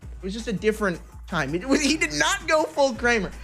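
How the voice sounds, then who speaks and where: Young man, streamer, high-pitched, rambling, restarts a lot, soft music behind. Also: very animated, fairly quick. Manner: rambling, self-interrupting, frequent restarts. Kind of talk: casual stream chat.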